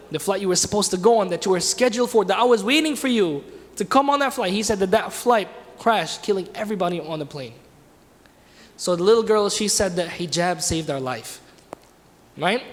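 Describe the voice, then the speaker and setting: A man with a high voice leads a religious lesson in a mosque. He tells the story in a loose, conversational way and keeps turning to his class with questions. His voice rings out with a long echo in the hall. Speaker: teacher leading a class. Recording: reverberant hall.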